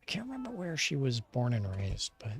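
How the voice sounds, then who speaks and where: Male streamer, relaxed and rambling, mid-range voice, soft music underneath, easygoing chat with viewers. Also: brisk. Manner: rambling, low-key, chatting back to viewers. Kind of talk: casual chat while gaming.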